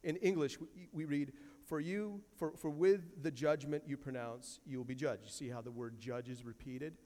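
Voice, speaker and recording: A man's voice: mid-range voice, normal speed, warm tone, in a large hall. A man preaching a sermon as pastor, emphatic, repeating key phrases and quoting scripture from a church sanctuary.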